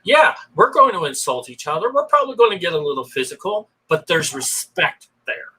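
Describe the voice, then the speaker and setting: A man's voice: sits high, very animated, a little fast, pushed and bright, slightly rough, low-quality recording. A man casually telling personal stories in an earnest, rambling way. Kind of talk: casual storytelling.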